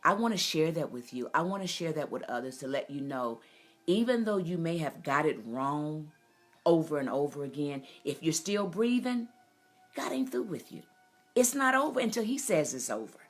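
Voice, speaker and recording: A middle-aged woman with a low, full voice shares a personal testimony with preacherly fervor. Her delivery swells toward near-shouts, and soft music plays faintly underneath. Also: animated, normal speed. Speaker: host.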